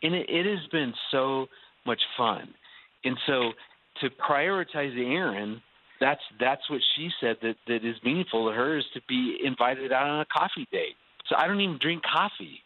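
A man's voice: mid-range voice, moderate pace, a little hiss or hum. Man, earnest, restarts a lot, telephone-quality sound. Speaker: marriage guest. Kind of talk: casual radio talk. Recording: phone-like narrow sound.

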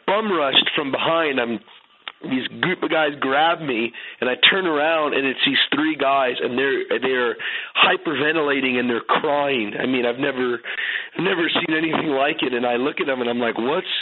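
A man's voice: medium pitch, moderate pace. A man who leads a youth ministry and has written a book, telling stories earnestly in an interview, with frequent restarts and fillers. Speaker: author and youth ministry leader. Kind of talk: storytelling in an interview. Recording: phone-line sound.

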